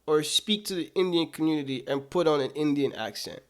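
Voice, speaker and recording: A man with a notably high voice delivers political commentary. He talks in an emphatic, indignant way and hammers his points home by repeating them. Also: lively intonation, a little fast.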